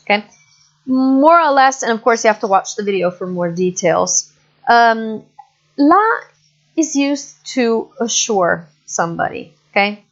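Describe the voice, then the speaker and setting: A woman giving an online English lecture, explaining slowly with many fillers and frequent checks for understanding. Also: on the high side, lively intonation. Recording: muffled lo-fi recording.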